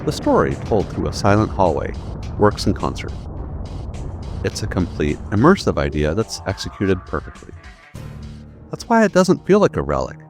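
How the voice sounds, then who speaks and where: Deep-voiced man narrating a video essay. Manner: emphatic, building to punchy statements. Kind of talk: scripted narration. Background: faint background music.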